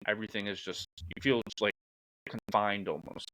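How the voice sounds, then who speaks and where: Relaxed young man, lowish voice, swearing casually. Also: moderate pace, dry recording, rough recording. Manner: relaxed, profane, says "dude" a lot. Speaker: podcast co-host. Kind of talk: casual chat.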